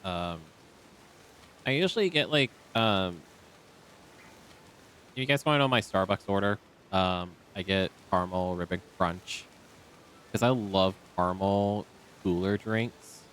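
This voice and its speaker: A man's voice: low-pitched, measured pace, pauses often, a bit bright, a little hiss or hum. A man streaming a video game, chatting casually and rambling with many ums into a desk microphone. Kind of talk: casual live-stream chat. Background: faint game music.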